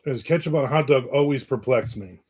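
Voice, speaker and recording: A middle-aged man from New Jersey hosts a casual livestream chat. He rambles between stories and viewer comments. His manner is blunt and jokey, and his voice sits at an ordinary pitch. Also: fairly quick, darkish tone, breathy edge. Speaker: livestream host.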